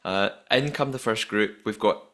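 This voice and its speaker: A man's voice: fairly low pitch, normal speed, a bit bright. A man hosting a podcast, chatting casually and reading out listener messages. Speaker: podcast host. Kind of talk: casual recap chat.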